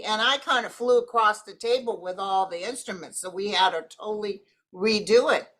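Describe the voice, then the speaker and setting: Female nurse guest, bright forceful voice, blunt and joking. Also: mid-range voice. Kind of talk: casual chat.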